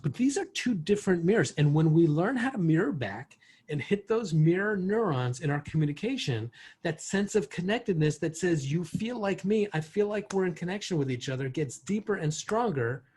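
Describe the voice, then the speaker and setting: A man's voice: high voice, animated, moderate pace, a little mellow, slight background noise. A man teaching communication skills in an online workshop, explaining with worked examples over a video call. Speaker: workshop instructor.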